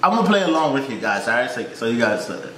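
A man's voice: medium pitch, very animated, quick pace, sharp tone. A man in his twenties reacts to a video in casual commentary, joking, swearing and talking back to the screen. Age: 20s. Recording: echoey room, faint noise.

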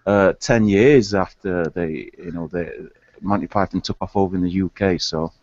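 Yorkshire man chatting, low voice. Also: normal speed, no room sound. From England. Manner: relaxed, rambling, with many fillers. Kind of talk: casual group chat. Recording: dull, dry online call audio.

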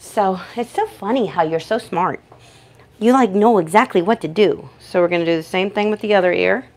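Gravelly-voiced woman demonstrating dog grooming. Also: medium pitch, normal speed, darkish tone. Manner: chatty, talks to the dog and to viewers. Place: indoor grooming shop.

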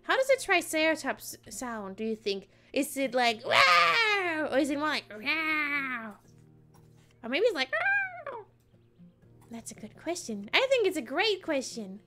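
Bubbly high-voiced woman streamer. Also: big pitch swings, fairly quick, few pauses, fairly bright tone, faint music behind. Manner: playful, giggly, answering chat. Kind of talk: casual live-stream chat while gaming.

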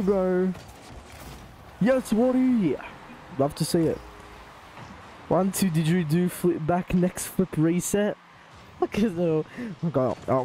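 A man with an Australian accent streaming a car-ball game live, talking to chat and trash-talking opponents in excitable banter. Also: sits high, slight background noise. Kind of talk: live gaming commentary.

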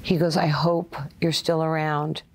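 A woman, telling stories in an interview. Her voice sits a little low, and she acts out what other people said. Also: a little slow. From Brooklyn, USA. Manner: animated, acts out quoted voices. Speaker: interview guest, former player and coach. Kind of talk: storytelling interview.

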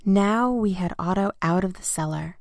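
A woman reading a children's picture book aloud with gentle, expressive storytelling. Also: mid-range voice, moderate pace, vocal fry, no echo, studio quality. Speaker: storybook reader.

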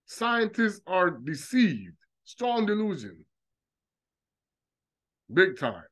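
A man preaching a fervent monologue, mocking opponents by mimicking them in quick asides. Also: sits high, sing-song, a bit bright, breathy edge. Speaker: religious commentator.

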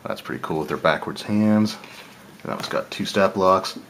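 Unhurried low-voiced male host, casual unboxing chat, faint background hum. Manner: relaxed, thinking aloud, small laughs and self-corrections. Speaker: channel host reviewing game cards.

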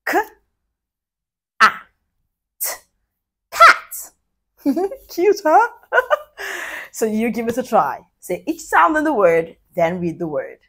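A woman teaching a children's phonics lesson, sounding out letters slowly and praising young learners cheerfully. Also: medium pitch, breathy edge. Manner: slow, drawn-out letter sounds.

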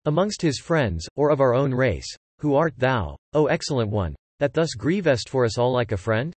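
A man's voice: medium pitch, sing-song, normal speed, slightly rough, no room sound. A man voicing grieving male ancestor spirits in a read-aloud epic, pleading in archaic speech.

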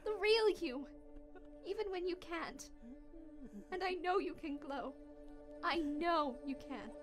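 A woman's voice: extremely high pitch, slow. Woman voicing a tiny coaxing skeleton kid. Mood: comforting. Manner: coaxing, gentle, persistent. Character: small cheerful skeleton child sibling. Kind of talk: comic fan dub. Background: background music.

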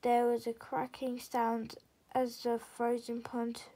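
A woman reading a children's chapter book aloud as storyteller, steady with small slips. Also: on the high side, slow, rough recording.

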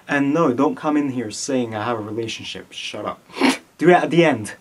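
A man's voice: medium pitch, moderate pace, breathy edge. A young man from Italy with a slight Italian accent, telling a story to his camera, often breaking into laughter. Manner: giggly, keeps breaking into laughter. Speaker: vlogger.

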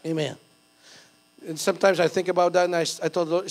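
A man's voice: sits high, flat delivery, fast, vocal fry. A middle-aged man from the Philippines, preaching a sermon in a conversational, self-deprecating way with bursts of fervor. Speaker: pastor.

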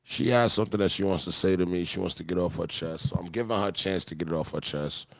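A man's voice: deep voice, fast, gravelly, no room sound, clean studio sound. A man hosting a live-streamed music review, talking in crude, mocking, joking banter. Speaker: host.

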